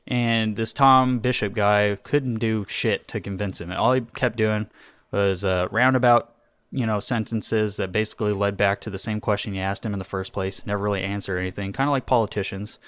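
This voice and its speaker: A young man with a low, smooth voice telling stories on a casual podcast, exasperated and swearing. His voice is recorded dry and close. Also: fairly even intonation, normal speed, fairly bright tone, no room sound. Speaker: podcast co-host. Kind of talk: casual chat.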